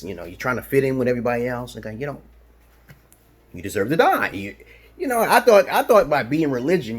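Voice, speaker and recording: A man's voice: mid-range voice, husky. A man from Brooklyn, talking to camera in a rambling, profane, boastful monologue that drops to mutters and jumps to outbursts. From Brooklyn, New York. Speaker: video blogger.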